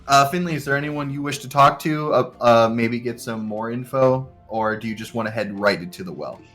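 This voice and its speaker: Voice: medium pitch, fairly quick, a bit bright, faint music behind. A game master narrating a tabletop game, rambling and laughing, with many restarts.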